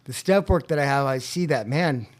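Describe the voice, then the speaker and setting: A man's voice: mid-range voice, moderate pace. Earnest man telling his story. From California. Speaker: podcast guest. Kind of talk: casual recovery story.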